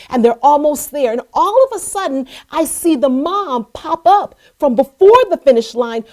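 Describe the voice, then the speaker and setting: A middle-aged woman hosting a show, telling an inspirational personal story and acting out the voices of the people in it. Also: high-pitched. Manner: animated, acts out voices in her story. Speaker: host.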